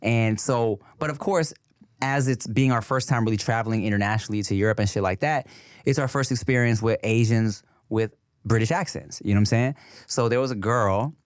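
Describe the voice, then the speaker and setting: A man hosting a casual podcast, telling animated stories and slipping into accents. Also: medium pitch, fairly quick, dry recording, clean studio sound. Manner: animated storyteller who slips into accents. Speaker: podcast host.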